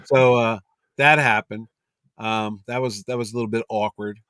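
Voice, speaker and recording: A man's voice: lowish voice, moderate pace, clean tone, no room sound, studio quality. A middle-aged man, a convention promoter, telling anecdotes on a podcast and acting out the people in them. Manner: animated storyteller, acts out quotes.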